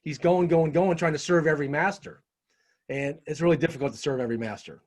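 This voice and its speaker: A middle-aged man telling a personal story in casual conversation as an interview guest, animated and peppering his talk with "right?". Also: fairly high pitch, fast talker. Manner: animated storyteller, frequent "right?" tag questions.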